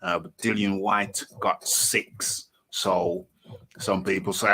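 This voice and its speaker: A man hosting a live online boxing talk show, animated and thinking aloud as he searches. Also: fairly low pitch, normal speed, slight background noise. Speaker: host.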